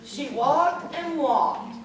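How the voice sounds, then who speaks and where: A woman reading a folk tale aloud in a slow, expressive way, heard from far off in an echoey event hall. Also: sits high, a little hiss or hum. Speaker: storyteller. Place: event hall at a senior center fair.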